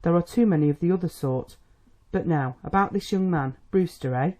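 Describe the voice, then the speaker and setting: A reader doing a gruff, testy old country doctor. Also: medium pitch, a little fast, mellow, natural voice. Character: stern worried old country doctor, a father.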